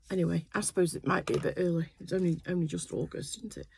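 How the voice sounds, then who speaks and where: A woman's voice: on the low side, steady tone, quick pace, gravelly, few pauses, a little mellow, slight background noise. An older woman chatting casually in her sewing room, telling a rambling family story full of fillers. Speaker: quilting vlogger. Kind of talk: casual chat.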